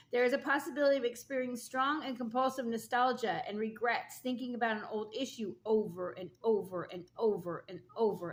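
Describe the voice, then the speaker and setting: A woman with a somewhat high voice gives a spiritual oracle card reading. She moves between reading the card's message and chatty, encouraging asides aimed at the listener. She keeps checking in with a quick "okay?" or "all right?". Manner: reads card text, then adds casual asides with frequent "okay?" and "all right?"; earnest and encouraging, speaking straight to the listener.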